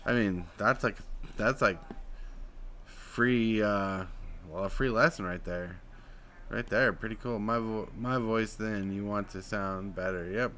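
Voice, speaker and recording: A man from Utah in casual live-stream chat, explaining voice technique and swinging between a flat drawl and bursts of excited emphasis. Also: on the low side, unhurried, slight background noise. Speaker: streamer host.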